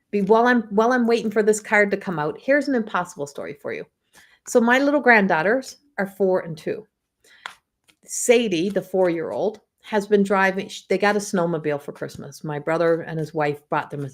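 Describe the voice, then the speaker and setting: A woman in her fifties, a psychic medium, talking gently and encouragingly on a live stream and laughing often. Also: medium pitch, a little fast. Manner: tells family anecdotes with mimicked voices. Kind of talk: live-stream spiritual talk.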